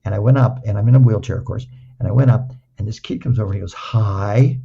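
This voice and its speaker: A man's voice: on the low side, racing, gravelly, warm tone, slightly rough, muffled recording. An older man recovering from a stroke tells playful anecdotes, repeating words and acting out the dialogue. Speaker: guest. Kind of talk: casual anecdotal storytelling.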